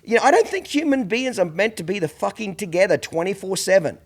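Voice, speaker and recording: A man's voice: high voice, very animated, fast. A middle-aged man hosting a podcast, telling blunt, profane stories in casual chat. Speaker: podcast host.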